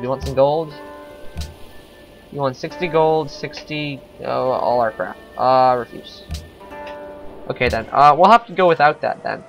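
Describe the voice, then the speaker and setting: A man's voice: mid-range voice, vocal fry, a bit bright. A man giving casual let's-play commentary on a strategy game, thinking aloud with frequent hesitations.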